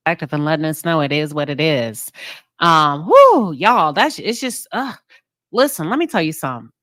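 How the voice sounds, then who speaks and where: Defiant low-voiced woman, bright tone. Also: lively intonation, brisk, no echo. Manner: defiant, profane, emphatic. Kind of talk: fiery live-stream address.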